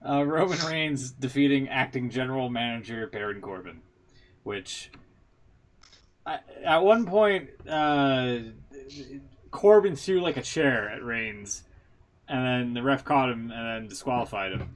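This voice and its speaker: A man's voice: mid-range voice, animated, measured pace. A man co-hosting a podcast in casual chat, rambling through results with jokes and laughs at his own bits. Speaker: podcast co-host.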